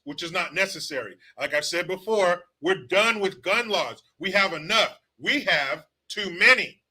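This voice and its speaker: A man's voice: high-pitched, sharp tone. A man hosting his own political commentary show, ranting bluntly and sarcastically with plenty of profanity.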